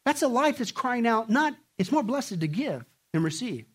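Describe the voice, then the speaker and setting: A man preaching a sermon with jokes, swinging from loud to hushed and acting out voices. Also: very high voice, sing-song, moderate pace, breathy edge. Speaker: pastor.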